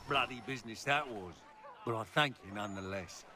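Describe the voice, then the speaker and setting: A man's voice: lowish voice, a little fast, sharp tone. An actor playing a polite, grateful colonial family man with a British accent in a video game. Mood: relieved. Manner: polite, relieved.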